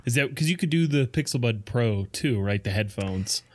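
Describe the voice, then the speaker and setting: A man co-hosting a casual podcast, talking in a laid-back way with quick short replies. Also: medium pitch, expressive. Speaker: podcast co-host.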